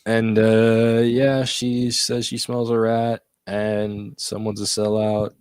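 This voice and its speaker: Slow, laid-back young man co-host. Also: lowish voice, monotone, darkish tone, clean tone, no echo, clean studio sound. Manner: laid-back, brief agreeing replies. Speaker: podcast co-host. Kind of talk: casual film review chat.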